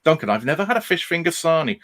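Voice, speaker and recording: A man hosting a casual quiz aftershow, relaxed and full of fillers. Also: a little high, fast talker. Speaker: podcast host.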